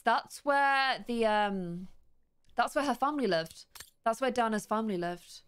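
A young woman hosting a let's play, chatting curiously and reading game text aloud slowly as she thinks. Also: on the high side, animated, a bit bright, clear, resonant tone.

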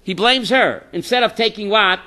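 A man's voice: sits high, moderate pace, pushed and bright. A rabbi teaching a Torah class, quizzing his students by name and mixing in Hebrew terms. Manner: emphatic, rhetorical questions.

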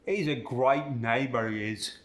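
A man's voice: medium pitch, measured pace, reverberant, lightly acted. A man voicing a cheeky Cockney Londoner, demonstrating example lines with tag questions in a broad put-on accent.

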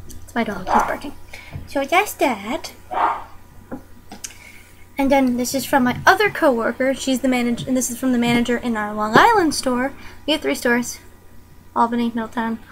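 A young woman with a high, bright-sounding voice chats casually to her camera at home, bubbly and giggly, breaking into sudden squeals. A faint hiss of background noise sits under her voice. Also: poor audio. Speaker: vlogger. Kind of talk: casual chat.

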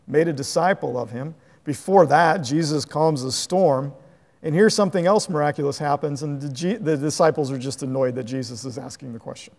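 A man preaching a sermon as a pastor, animated and conversational, chuckling at his own asides. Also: a little high, long reverb tail. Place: church sanctuary.

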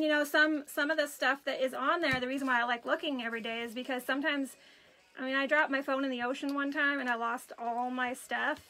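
Bright, chatty woman crafting on a live stream. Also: high-pitched, low-quality recording. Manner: chatty, animated storytelling, greets viewers while working. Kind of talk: casual chat while crafting.

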